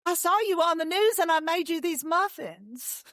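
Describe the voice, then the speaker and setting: Brief: a woman playing a sweet eighty-year-old Southern lady offering a gift, high voice, Southern accent. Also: animated, moderate pace, a bit bright, dry recording. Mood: eager. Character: elderly Southern woman, kind and eager.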